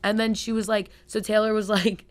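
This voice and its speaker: A young woman hosting a podcast, telling a story fast, with lots of fillers and swearing. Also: medium pitch, little pitch movement. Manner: swears freely. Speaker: podcast host. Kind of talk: casual chat.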